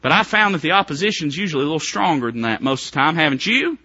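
A man preaches a fervent revival sermon, his high voice leaping up and down as he moves from hushed pleading to near shouts. His tone is bright and forceful, and the recording is dry and a little dull. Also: sing-song, fast talker, no room sound. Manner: fervent, swings from hushed to shouting, rhetorical questions.

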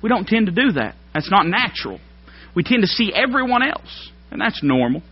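A man preaching a sermon, folksy and plain-spoken, climbing to loud emphatic peaks. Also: sits high, very animated, moderate pace, breathy edge. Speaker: pastor. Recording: dull lo-fi sermon recording.

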